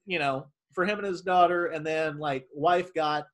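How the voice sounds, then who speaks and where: A man's voice: fairly high pitch, normal speed. A man who works at a movie theater, telling stories in a casual chat and acting out the quotes. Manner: animated storyteller who acts out quotes.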